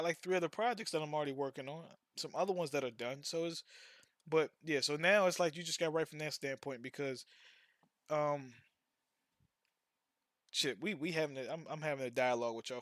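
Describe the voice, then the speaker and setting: A man's voice: a little high, normal speed, fairly bright tone, no echo, clean studio sound. A man who streams and makes music, chatting loosely with his viewers in slang, swearing freely and repeating himself. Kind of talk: casual live-stream chat.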